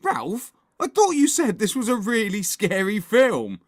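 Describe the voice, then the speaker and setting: A woman voicing a bratty, scornful young schoolboy in a storybook reading, with a high, whining, sneering voice. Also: wildly swooping pitch, measured pace, no room sound, clean studio sound. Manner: complaining, sneering.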